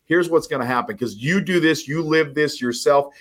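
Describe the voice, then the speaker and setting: A man speaking as a podcast guest who coaches real estate agents, telling stories with lively acted-out dialogue. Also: on the high side, moderate pace. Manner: animated storyteller, acts out quoted dialogue. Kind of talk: casual podcast conversation.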